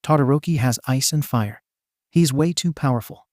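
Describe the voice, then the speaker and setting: A man voicing a short, pervy, excitable teenage boy who argues with fevered passion in a storybook reading. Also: medium pitch, moderate pace, dry recording, studio quality, natural voice. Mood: fervent.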